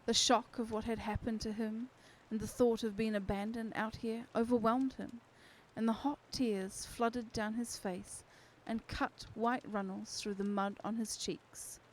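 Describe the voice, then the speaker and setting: A woman narrating a novel aloud for a live stream audience. Her delivery is slow and steady, with a slightly high voice and expressive phrasing. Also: a little hiss or hum, rough recording. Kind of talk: unhurried storybook reading.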